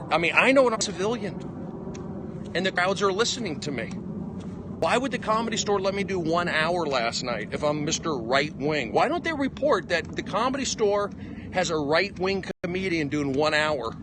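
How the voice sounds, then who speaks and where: A man's voice: sits high, normal speed, noisy background. A man, a stand-up comedian, rambling emphatically in a livestream monologue as he walks outdoors. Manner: excitable, emphatic, jumping between topics. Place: outdoors on a walk. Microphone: phone.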